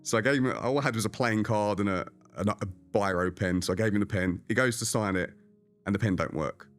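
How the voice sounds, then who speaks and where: A man who is a magician, telling anecdotes in a casual interview, animated and chatty. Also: on the low side, a little fast, soft background music. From England. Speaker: magician guest.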